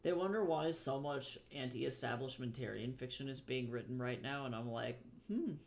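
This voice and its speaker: A man's voice: mid-range voice, normal speed, creaky. Wry, rambling man chatting on a livestream. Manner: rambling, profane, wry asides to viewers. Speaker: comic artist streaming while drawing. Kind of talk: casual livestream chat.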